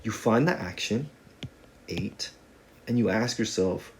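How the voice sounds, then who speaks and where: A man's voice: on the low side, animated, slow, a little hiss or hum. A man teaching a casual video lesson on Spanish grammar, talking in a conversational, joking way with playful asides.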